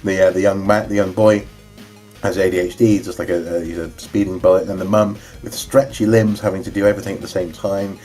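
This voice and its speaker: Deep-voiced man chatting casually. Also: level tone, brisk, darkish tone, faint music behind. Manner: rambling and enthusiastic, with many fillers and restarts. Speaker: vlogger reviewing his DVD collection. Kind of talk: casual chat.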